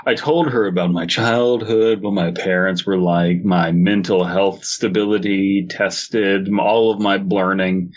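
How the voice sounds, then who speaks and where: A man with a fairly low voice reads from a horror story and drifts into rambling, crude asides, tripping over his words. His mic sounds muffled and lo-fi. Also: fairly even intonation, unhurried, few pauses. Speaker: podcast co-host reading a story aloud. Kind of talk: comedic podcast banter and story reading.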